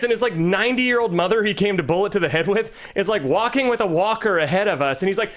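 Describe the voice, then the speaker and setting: Animated male co-host telling a story. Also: high voice, fast, few pauses. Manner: animated storyteller, jumps into silly voices. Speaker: podcast co-host. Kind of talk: casual chat. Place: studio.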